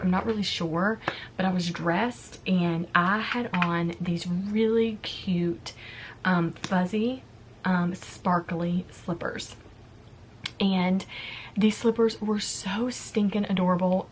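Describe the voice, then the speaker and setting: A woman's voice: medium pitch, a little hiss or hum. Chatty woman telling a personal story. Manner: chatty, confiding, quotes herself. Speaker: vlogger. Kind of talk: casual storytelling to camera. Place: home, yard work heard outside.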